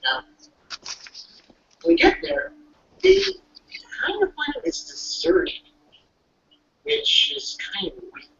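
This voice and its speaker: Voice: very high voice, big pitch swings, slow, vocal fry, long pauses, fairly bright tone. A speaker casually recapping an anime episode, rambling and restarting, acting out the characters' lines along the way. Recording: distant, dull lo-fi mic.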